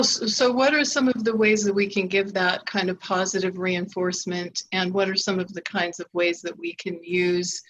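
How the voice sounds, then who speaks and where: Bright-voiced woman interviewer, dull line. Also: lowish voice, slight background noise. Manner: checks and restates points. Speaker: interviewer, channel host. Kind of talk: interview questions.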